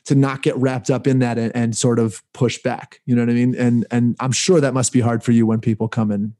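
A man from Israel chats casually, his voice mellow and dark. He wanders through his story with fillers and restarts. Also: mid-range voice, little pitch movement, brisk. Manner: rambling, many restarts and fillers.

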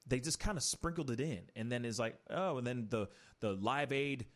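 A man hosting a casual commentary show, animated and opinionated, rambling through entertainment news. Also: medium pitch, normal speed. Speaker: talk show host.

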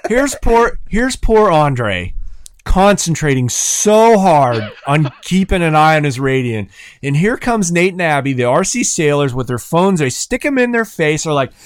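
A man co-hosting a casual podcast, telling lively stories and acting out what people said. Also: on the high side, a little slow, clean tone, no room sound. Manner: animated storyteller, acts out others' lines. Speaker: podcast co-host. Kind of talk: casual chat.

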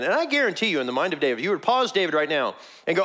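Animated preacher man with lively pitch. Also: quick pace, hardly any pauses. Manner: animated, acts out biblical figures in a raised voice. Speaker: pastor. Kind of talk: sermon.

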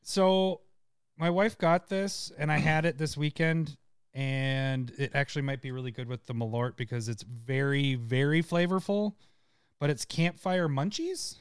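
Guy cohosting a laid back show, smooth clear voice, kinda high, dry sound. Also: a little slow, no room sound. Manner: playful, laughs easily. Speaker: podcast co-host. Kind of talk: casual chat.

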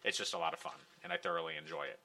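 A man's voice: sits low, sing-song, racing, vocal fry, bright, forceful tone. A man hosting a live podcast in casual chat, joking and swearing freely. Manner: joking, swears casually, theatrical segment announcements. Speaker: podcast host.

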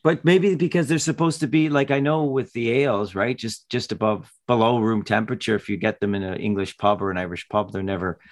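A man's voice: on the low side, steady tone, a little fast, hardly any pauses. A man co-hosting a casual podcast, easygoing and chatty, with light teasing. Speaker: podcast co-host.

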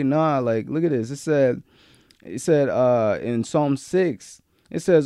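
A man preaching a sermon, moving between loud, emphatic peaks and quiet, low-key stretches, with casual slang mixed in. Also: moderate pace, no echo, clean studio sound.

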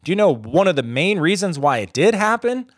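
Blunt, profane American podcast ranter. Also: male voice, high-pitched, big pitch swings, fairly quick, no room sound, clean studio sound. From United States. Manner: rambling, with restarts and trailing off. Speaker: podcast host. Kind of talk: solo podcast rant.

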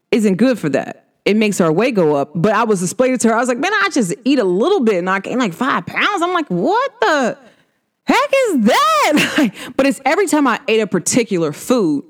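Lively chatty woman vlogger. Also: medium pitch, fairly quick. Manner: animated, laughs often, chatty and playful. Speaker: vlog host. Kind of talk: casual chat vlog.

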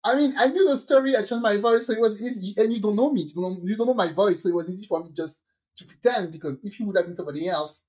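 A woman's voice: mid-range voice, fast, far from the mic. A woman co-hosting a podcast, telling funny stories in casual chat and acting out the other people's lines as she goes. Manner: animated storyteller, acts out characters' lines. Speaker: podcast co-host.

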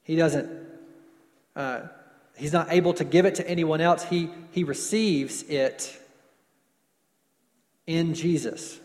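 A man preaching a sermon, stretching words for emphasis and dropping to softer closing lines. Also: on the high side, in a large hall. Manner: preaching with slowed emphasis and falling soft endings. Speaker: pastor.

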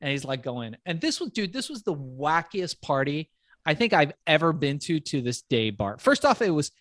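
A man telling a long animated story as a podcast guest, swearing freely and breaking into laughter. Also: fairly high pitch, dry recording, studio quality. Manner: profane, animated, quick laughs.

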